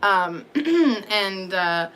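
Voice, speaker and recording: A woman's voice: lowish voice, level tone, extremely slow, sharp tone, a little hiss or hum. A woman telling a long personal story in a candid, rambling, profane way, full of fillers. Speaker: vlogger. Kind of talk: casual storytelling monologue.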